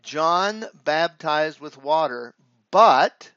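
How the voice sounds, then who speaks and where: A man teaching Greek grammar in a halting, deliberate way, with frequent filler pauses. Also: mid-range voice, vocal fry, fairly bright tone, no echo. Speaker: Greek professor. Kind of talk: grammar lecture. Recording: dull lo-fi dry recording.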